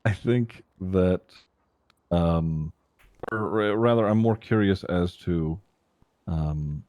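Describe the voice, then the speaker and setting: A man playing a hesitant male chaplain who asks careful questions and fills pauses with "um" and murmurs. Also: deep voice, dark tone, no room sound. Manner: hesitant, many fillers, brief murmured replies.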